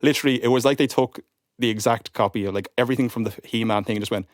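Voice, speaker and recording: A young man, a podcast guest, telling an animated anecdote in casual chat and acting out what others said. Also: medium pitch, very fast, no room sound, studio quality. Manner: animated, acts out quotes of others.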